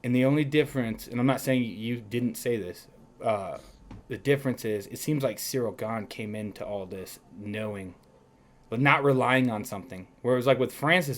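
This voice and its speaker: A man co-hosting a podcast in casual chat, excitable and profane, breaking into quick mocking voices. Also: medium pitch. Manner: excitable, swears freely, slips into quick mock voices. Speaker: podcast co-host.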